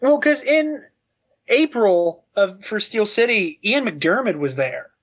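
A young man with a high, bright voice tells a story on a casual podcast, his voice lifting as he gets excited and breaking into laughter. The sound is a bit dull and lo-fi. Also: slow pace.

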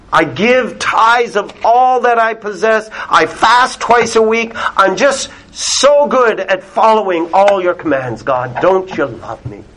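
A man's voice: sits high, animated, takes it slowly, a bit bright, a little hiss or hum, full character voice, rough recording. A man voicing a smug, self-praising Pharisee who boasts to God in a mocking tone.

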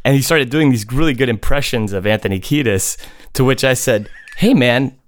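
Guy on a podcast rambling thru a gig story, smooth resonant voice, kinda dry sound. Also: medium pitch, fairly quick, no room sound. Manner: rambling, full of restarts and chuckles. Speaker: podcast co-host and gigging musician. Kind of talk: casual storytelling chat.

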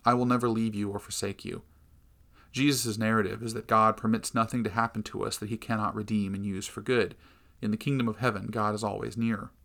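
A man narrates a Christian devotional book in a measured, earnest reading. His voice sits low and carries a gravelly edge. The tone is bright and forceful.

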